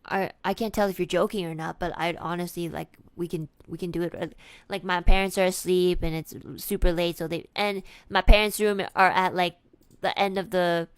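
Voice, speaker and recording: A woman quoting a hesitant teen girl friend at a sleepover, in a hushed voice close to her own. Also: on the low side, fairly even intonation, normal speed, smooth, no room sound, close to an everyday voice.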